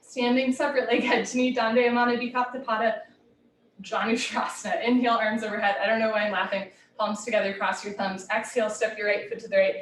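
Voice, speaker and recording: A woman's voice: a little high, level tone, a bit bright, slight background noise. Woman calling yoga cues in a roomy space. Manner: brisk clipped posture cues, light and playful. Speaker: yoga teacher. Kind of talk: live yoga class instruction. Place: home room. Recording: roomy echo, heard from a distance.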